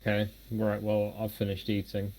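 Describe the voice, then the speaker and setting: A man's voice: fairly low pitch, monotone, normal speed, a little mellow, rough recording. A man playing a tabletop game, speaking plainly and matter-of-factly. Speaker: player. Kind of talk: casual chat at a tabletop game.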